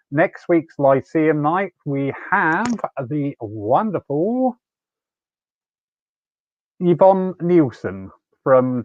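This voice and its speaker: A man's voice: mid-range voice, no room sound. A man hosting a church evening over a video call, chatty and anecdotal, laughing easily. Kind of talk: hosting and telling a personal story. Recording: tinny, phone-like call audio.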